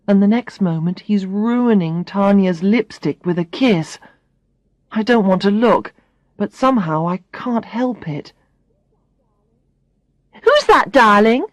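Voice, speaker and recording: A woman reading a first-person story aloud for English learners, clearly and expressively. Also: lowish voice, darkish tone, no echo, lo-fi sound. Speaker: audiobook reader.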